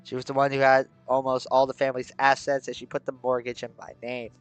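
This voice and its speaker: A man's voice: medium pitch, completely flat delivery, fast, clear, resonant tone, faint music behind, natural voice. A man voicing a heartbroken middle-aged father in a game, speaking in a choked, pleading way. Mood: despairing. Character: grieving middle-aged father, broken teacher.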